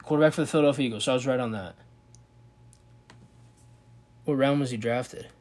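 A man's voice: mid-range voice, very fast, a little mellow. A man hosting a casual sports video, commenting on a football draft, thinking aloud and reacting with disbelief.

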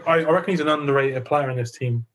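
A man's voice: mid-range voice, fast, a bit bright, slight background noise. A young adult man co-hosting a podcast, chatting casually with dry, sweary wisecracks. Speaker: podcast co-host. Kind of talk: casual chat.

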